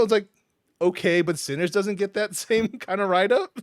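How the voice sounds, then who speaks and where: A man co-hosting a podcast, riffing casually on movie news with quick laughs. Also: high voice, smooth, no room sound, clean studio sound. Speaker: podcast co-host. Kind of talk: casual chat.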